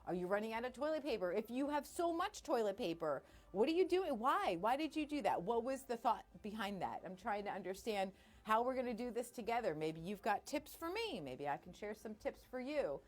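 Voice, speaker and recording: Lively, chatty woman radio host. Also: fairly high pitch, fairly quick. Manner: chatty, bubbly, self-deprecating. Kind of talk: casual live-stream chat. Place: radio station studio.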